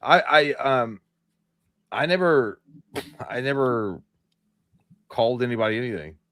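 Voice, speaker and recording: A man's voice: mid-range voice, lively intonation, a little slow, a bit bright, dry recording, studio quality. A man co-hosting a live movie show, giving blunt opinions in a casual, rambling way. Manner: blunt, opinionated, trails off and restarts. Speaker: podcast co-host. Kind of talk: casual live-stream chat.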